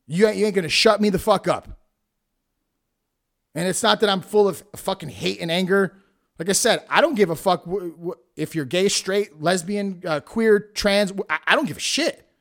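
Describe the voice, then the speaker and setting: A man's voice: high-pitched, a bit bright. A man hosting his own podcast, ranting bluntly and angrily with constant swearing about entitlement in his line of work. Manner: blunt, heated, heavy swearing. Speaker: podcast host and wrestling promoter. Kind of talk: profane solo podcast rant.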